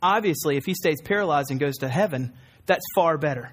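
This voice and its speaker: High-voiced preacher teaching earnestly. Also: male voice, fairly quick, a bit bright, a little hiss or hum. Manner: earnest, repeats key phrases for emphasis; acts out quoted voices in a raised tone. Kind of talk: sermon teaching.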